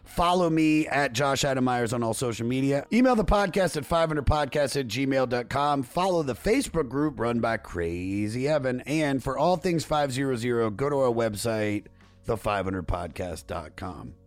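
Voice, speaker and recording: A man hosting a podcast, reading off plugs and chatting casually in a brisk, offhand way. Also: mid-range voice, expressive, no room sound, faint music behind. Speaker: podcast host.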